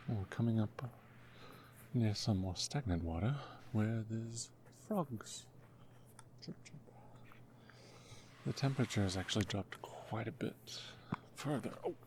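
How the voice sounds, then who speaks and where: A man making his first ASMR video, talking in a soft, half-whispered voice that is hushed and self-mocking, and often apologizing. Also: lowish voice, slow pace, long pauses, background noise. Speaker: ASMR creator.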